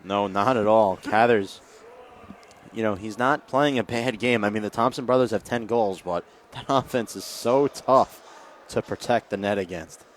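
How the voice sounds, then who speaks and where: A man giving relaxed color commentary on a lacrosse game, chuckling between analytical remarks. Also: on the low side, moderate pace, a little hiss or hum.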